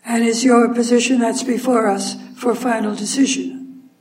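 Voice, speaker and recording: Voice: medium pitch, level tone, normal speed, a little mellow. Distant judge pressing counsel. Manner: pointed, pressing for a clear answer. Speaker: appellate judge. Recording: voice picked up from a distance.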